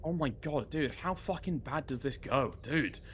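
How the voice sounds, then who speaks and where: A man's voice: on the high side, lively intonation, normal speed, a bit bright. A man arguing over a call, exasperated and sarcastic, swearing and trading insults. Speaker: debater on a call. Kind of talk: heated argument.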